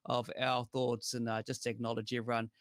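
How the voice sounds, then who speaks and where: A man with a New Zealand accent hosting a casual talk show, relaxed and chatty, with lots of "uh" and "you know". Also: medium pitch, brisk. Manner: chatty, relaxed, thanks viewers by name, heavy on fillers. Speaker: show host. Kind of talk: casual podcast chat.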